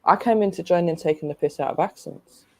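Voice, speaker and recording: A woman's voice: on the low side, fast talker. A woman, a guest on a live stream, chatting casually and telling stories with a lot of laughter. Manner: animated storytelling, laughs often. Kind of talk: casual group chat.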